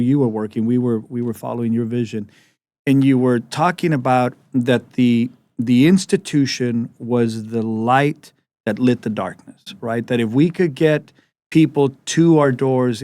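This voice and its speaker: Male talk-show host, storytelling manner, mid-pitched, dry close sound. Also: no room sound. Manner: animated storyteller, many restarts. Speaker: podcast host. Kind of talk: conversational interview.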